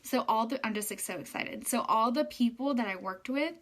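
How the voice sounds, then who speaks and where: A woman's voice: a little high, fairly quick. Chatty woman hairstylist talking to viewers. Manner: chatty, rambling storytelling with many fillers. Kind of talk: casual talk to viewers.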